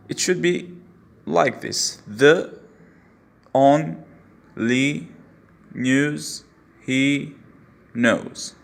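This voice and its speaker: A man teaching a poetry lesson step by step, patiently explaining each stage and repeating key terms. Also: medium pitch. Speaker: English literature teacher.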